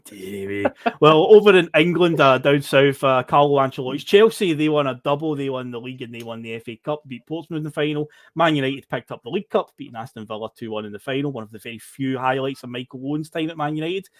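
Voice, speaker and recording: A man's voice: medium pitch, fast talker, few pauses, dry recording. A Scottish man hosting a football podcast, recapping the season in a chatty, rambling way. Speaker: podcast host. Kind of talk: casual chat.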